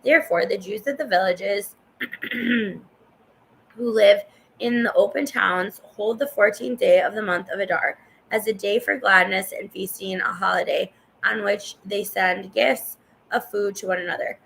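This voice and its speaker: A woman's voice: medium pitch, unhurried, gravelly, fairly bright tone, slight background noise, rough recording. A woman reading scripture aloud in a casual way, stumbling over hard names and stopping to cough. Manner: stumbles over names, chatty asides to the viewer. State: coughing and yawning. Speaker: Bible reader.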